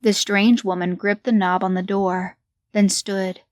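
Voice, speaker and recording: Slow, measured woman narrating horror. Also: mid-range voice, level tone, dry recording, clean studio sound.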